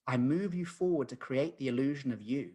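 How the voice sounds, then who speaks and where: Man voicing time personified as a male dream guide: husky, calm, matter-of-fact. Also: mid-range voice, fairly quick. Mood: calm wise.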